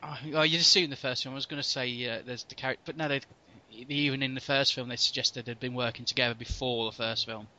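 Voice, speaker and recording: A man in casual conversation about films, lively and halting, often restarting his sentences. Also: medium pitch, a little hiss or hum. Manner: animated, halting with restarts, mimics lines. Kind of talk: casual film discussion. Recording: dull lo-fi audio.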